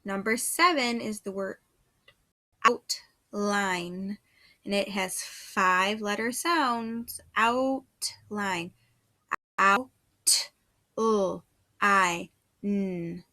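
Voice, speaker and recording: A woman's voice: medium pitch, slow, bright, forceful tone. A woman teaching first grade phonics, patiently sounding out letters and words one at a time. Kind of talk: slow phonics dictation lesson.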